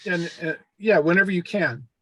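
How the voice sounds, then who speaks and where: Older male host, slightly high voice, dry close recording, earnest and formal when reading. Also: moderate pace, pushed and bright, dry recording. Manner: earnest, reads letters aloud in a formal tone. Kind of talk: casual discussion, reading a letter aloud.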